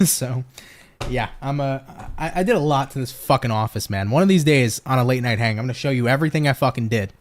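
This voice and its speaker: A man's voice: medium pitch, lively intonation, a little fast. Young man, laid-back, swears a lot, laughs often, tarot reading from home office. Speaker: tarot reader.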